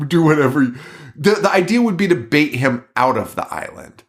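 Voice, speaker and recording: A man's voice: on the high side, sing-song, normal speed. Ranting, laughing male podcast host. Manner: swears a lot, laughs often, ranting. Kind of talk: casual chat.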